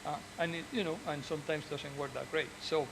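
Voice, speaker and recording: Surgeon, male, a bit high in pitch, earnest and encouraging, stops and restarts often, faint noise behind. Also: fairly even intonation, brisk, gravelly, fairly bright tone, rough recording. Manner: earnest and encouraging, with frequent restarts and repeated words. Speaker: orthopedic surgeon. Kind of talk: speaking to fellow doctors.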